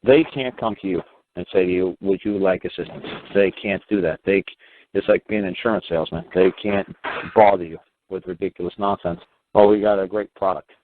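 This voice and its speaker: A man's voice: low-pitched, fairly quick. A man hosting a talk show, explaining his views to a caller in a rambling, emphatic way, with many fillers and restarts. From United States. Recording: phone-like line with faint hiss.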